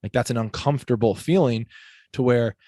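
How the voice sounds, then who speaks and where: A fitness coach from Illinois chats with eager, rambling energy on a podcast, sprinkling "like" everywhere and laughing easily. His voice sits at an ordinary pitch for a man. The sound is dry and close, with no room around it. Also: brisk, no echo. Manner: energetic, enthusiastic, heavy use of "like", laughs often. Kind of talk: casual podcast conversation.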